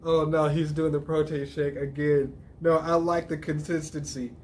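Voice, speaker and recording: A man's voice: a little high, little pitch movement, moderate pace, a little mellow, slight background noise. A man hosting a casual manga reaction, reading along with blunt, profane asides and frequent laughter.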